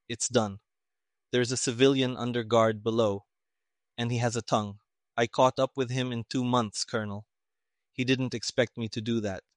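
A calm, detached detective who speaks in a flat, toneless way, as a man reads him out in an audiobook. Every word comes out even and unhurried. The sound is close and dry. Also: mid-range voice, dry recording, lightly acted.

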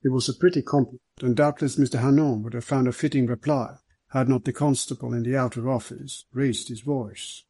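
Male audiobook narrator, measured and steady, husky with a dark tone. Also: medium pitch. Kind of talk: scripted narration of a detective novel.

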